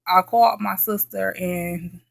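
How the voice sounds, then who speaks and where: A woman's voice: medium pitch, steady tone, a little slow, creaky, no echo. A woman vlogger telling a story in a casual late-night chat, emphatic and repeating herself, often checking in with "okay?".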